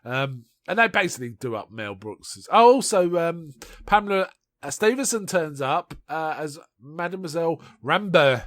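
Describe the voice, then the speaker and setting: Chatty man, lively film chat. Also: fairly high pitch, normal speed, no room sound, clean studio sound. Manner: animated retelling, quoting film lines in put-on voices, laughing often. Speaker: podcast co-host. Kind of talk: casual film review chat.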